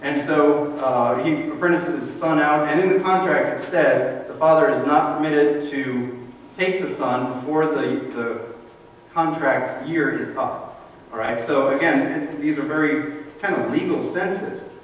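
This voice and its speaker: The sermon comes from a pastor whose male voice is a little high and a little slow, delivered conversationally with explanations and acted-out quotes. Recorded from afar in a church sanctuary, it has roomy echo and faint background noise.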